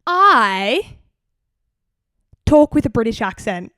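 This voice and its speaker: A young Australian woman on a casual podcast, joking and chatting with her co-host. Her voice runs a little high. It is recorded close and dry. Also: very animated, pushed and bright, dry recording. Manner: playful, chatty, quick reactions. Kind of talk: casual chat.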